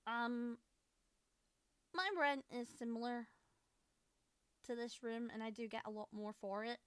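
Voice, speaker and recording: A woman's voice: a little high, fairly even intonation, measured pace, clean tone, no room sound. A woman in her thirties with an Edinburgh Scottish accent, reacting on stream in a chatty, exclamatory way with frequent swearing, speaking into a studio mic at home. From Scotland, Edinburgh. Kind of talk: casual reaction commentary. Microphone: Shure studio mic.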